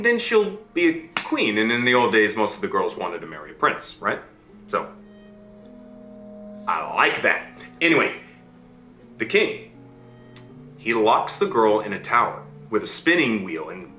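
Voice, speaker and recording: A man telling a fairy tale to listeners in an animated way, often checking in with them as he goes. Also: mid-range voice, roomy sound. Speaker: storyteller.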